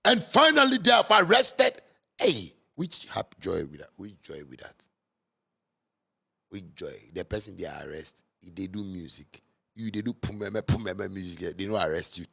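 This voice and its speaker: A man with a Ghanaian Pidgin English accent delivering a heated, scolding monologue that repeats and mocks, bursting into sudden loud outbursts. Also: low voice, moderate pace, creaky, breathy edge. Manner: repetitive and mocking. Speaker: musician. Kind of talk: ranting monologue.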